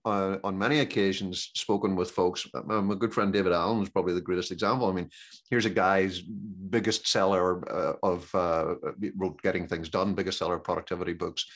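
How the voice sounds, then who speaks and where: A middle-aged man hosting a conversational interview as a business coach, rambling and halting with many fillers and restarts. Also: deep voice, fairly even intonation, a bit bright. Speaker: podcast host and business coach.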